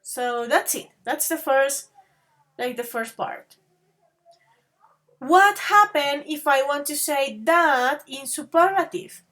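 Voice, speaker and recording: High-voiced slow-talking woman teacher. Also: fairly bright tone. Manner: slow and patient, calls students babies and dears; switches between English and Spanish to explain. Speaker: English teacher. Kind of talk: online grammar lesson.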